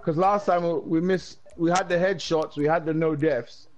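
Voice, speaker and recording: A man's voice: fairly high pitch, steady tone, normal speed, a little mellow. A young man chatting casually while gaming, joking and hyping up the team.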